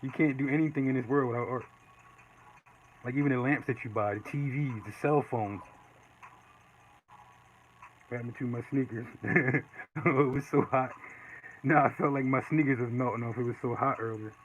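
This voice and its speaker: A man casually chatting while he draws live, reading and answering viewer comments in a relaxed way. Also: medium pitch, moderate pace, pauses often. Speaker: artist streaming live. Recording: dull lo-fi with faint noise.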